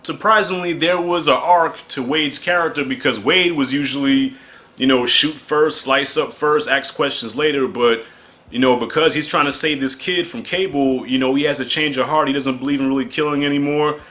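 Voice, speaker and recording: A man's voice: mid-range voice, steady tone, normal speed, sharp tone. A man in his thirties giving a casual, slangy movie review, chatty and often chuckling.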